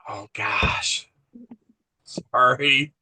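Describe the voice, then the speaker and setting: A man's voice: medium pitch, extremely slow, bright, forceful tone, husky. A middle-aged man co-hosting a casual movie recap, acting out the film's dialogue in quoted voices and laughing at his own jokes. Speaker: co-host, father.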